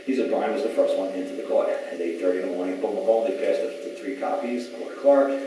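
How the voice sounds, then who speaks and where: A man tells stories at a public talk in a low, mellow voice, hammering his points home. He sounds far from the mic in a big, very echoey hall. A faint hiss sits under the sound. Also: fairly quick. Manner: emphatic, retells exchanges in quoted voices. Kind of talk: storytelling lecture to a live audience. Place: large echoey event hall.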